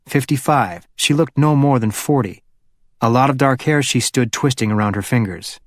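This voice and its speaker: A man narrating a crime audiobook in an even, measured way, dropping low and quiet for the terse lawman's lines. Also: no echo, clean studio sound.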